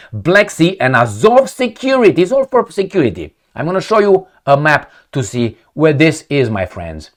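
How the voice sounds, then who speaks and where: A man gives solo commentary on news articles, reading them aloud and ranting sarcastically with profanity while talking straight to his viewers. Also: a little high. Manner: profane, addresses viewers directly. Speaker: political commentator.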